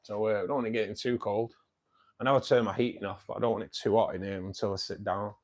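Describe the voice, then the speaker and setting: A lowish voice with fairly even intonation moves at a quick pace as this fiftysomething Manchester man hosts his fishkeeping club livestream. He chats casually in Mancunian English, matey throughout and constantly saying "mate".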